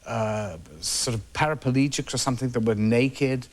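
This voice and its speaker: A man, a talk show guest telling lively anecdotes and trailing off between phrases. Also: mid-range voice, normal speed. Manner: animated, trails off, acts out the people he quotes. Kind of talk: anecdotal storytelling.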